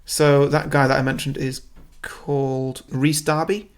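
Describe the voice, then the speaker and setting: A man co-hosting a podcast and chatting in a relaxed way, with lots of fillers as he reads through his script. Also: mid-range voice, unhurried. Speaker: podcast co-host reading his fan script. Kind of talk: casual podcast chat.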